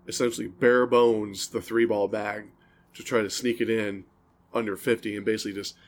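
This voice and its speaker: A man's voice: fairly low pitch, little pitch movement, moderate pace, slight background noise. A man co-hosting a podcast, telling long, rambling stories and laughing at them in casual chat. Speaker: podcast co-host.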